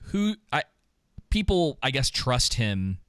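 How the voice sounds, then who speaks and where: A man's voice: medium pitch, sing-song, slow pace, a bit bright, clean tone, no echo, clean studio sound. A man co-hosting a podcast, thinking aloud in a casual reaction chat. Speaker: podcast co-host.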